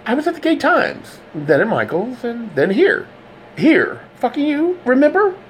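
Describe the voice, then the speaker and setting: A man narrating an audiobook voices a hot-tempered, defensive gay man who shouts and swears. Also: extremely high pitch, huge pitch swings, measured pace, slight background noise, voice pushed up, full character voice. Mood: indignant.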